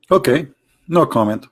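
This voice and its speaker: With a fairly high, slightly bright and slightly rough voice, an Arabic-accented man from the Arab world hosts a casual live debate stream. He mocks opponents and rattles off rhetorical questions in broken, loose English laced with "like" and "brother".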